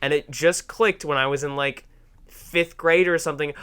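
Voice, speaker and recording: A young man hosting a podcast in casual banter, sarcastic and quick to laugh. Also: a little high, clear, resonant tone. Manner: animated, jokey, sarcastic, laughs often. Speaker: podcast host.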